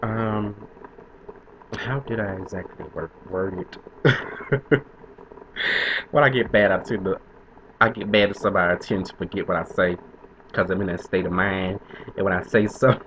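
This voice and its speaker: A man's voice: low voice, fairly even intonation, normal speed, long pauses, noisy background. Sassy young man in lo-fi audio. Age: 20s. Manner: chatty, sassy diva flair, laughs often. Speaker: vlogger. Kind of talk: casual storytelling to camera.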